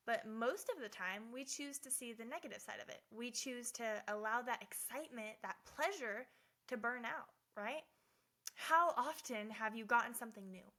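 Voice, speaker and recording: Bright-voiced chatty woman host. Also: on the high side, brisk. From Southern Oregon. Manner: chatty and animated, tags lines with "right?". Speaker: host of a faith talk show. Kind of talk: casual faith-based talk to listeners.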